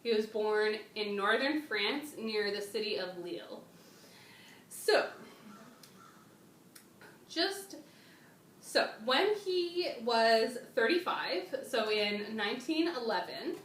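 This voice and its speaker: A woman hosting a casual chat with a guest, slangy and excitable, often trailing off and restarting. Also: fairly high pitch, takes it slowly, long pauses, distant mic. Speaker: channel host. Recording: echoey room, off-mic, faint noise.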